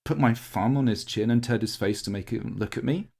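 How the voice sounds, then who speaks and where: Here a man with a mid-range, creaky, darkish voice talks briskly. As a podcast co-host in casual chat, he tells a rambling, heartfelt, lengthy larp story full of restarts and fillers while tearing up.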